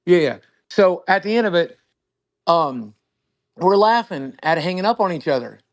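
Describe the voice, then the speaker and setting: A man tells a profane, animated story on a livestream, switching between voices for himself and the other caller. His voice sits slightly high. He talks into a desk mic over a video call. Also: normal speed. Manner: profane, emphatic, acts out both sides of a phone call. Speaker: streamer host.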